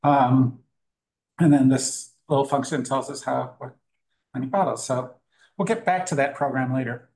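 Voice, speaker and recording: A man's voice: medium pitch, moderate pace, gravelly, a little mellow, low-quality recording. A man giving a casual, joking live talk at a meetup, with plenty of fillers and restarts. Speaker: conference speaker. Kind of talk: live tech talk with demo. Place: meetup room with audience.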